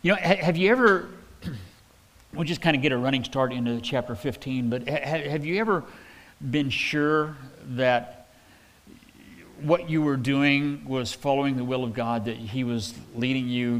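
In a big-sounding room with slight background noise, a pastor works through a sermon verse by verse, putting scripture into plain, folksy language with restarts and paraphrased quotes. His medium-pitched voice stays steady at a moderate pace.

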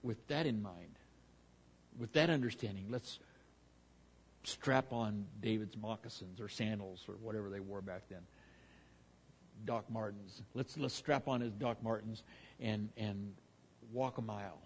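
A man's voice: on the low side, a little slow, pauses often, slight background noise. A man preaching verse by verse through a Bible passage, talking conversationally with frequent restarts and fillers.

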